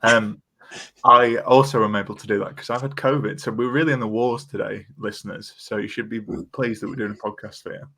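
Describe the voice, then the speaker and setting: Male podcast host, casual and self-deprecating, fairly low voice. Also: fairly even intonation, brisk, bright, forceful tone. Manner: chatty, self-deprecating, lots of fillers.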